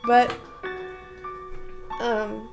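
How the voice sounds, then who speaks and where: A woman artist talks openly in a casual documentary interview, her voice sitting a little high. She is chatty and emotional, laughing often and swearing now and then, with soft music playing underneath. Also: flat delivery, drawn-out words, vocal fry. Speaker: painter and architect.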